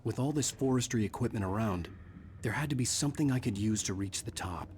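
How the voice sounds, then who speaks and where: An actor voicing a haunted male writer who narrates his ordeal in a measured, brooding way, from a game. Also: fairly low pitch, darkish tone, a little hiss or hum, close to an everyday voice. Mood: grim.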